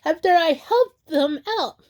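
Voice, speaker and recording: A woman vlogging about her troubles while crying, halting and apologetic, with sighs and restarts. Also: high voice, lively intonation, darkish tone. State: crying, tearful. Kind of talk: emotional personal vlog.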